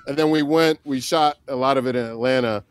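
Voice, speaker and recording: A man's voice: mid-range voice, brisk, a little hiss or hum. Laughing man telling a wild story. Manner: laughing storyteller, acts out shouted quotes. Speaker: guest, comedian and prank filmmaker. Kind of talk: animated anecdote telling.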